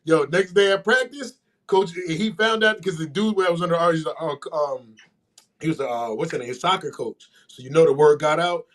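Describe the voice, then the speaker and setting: A man co-hosting a podcast, telling a story in casual chat and acting out the people in it. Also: brisk. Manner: animated, acts out quoted voices with big pitch jumps. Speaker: podcast co-host.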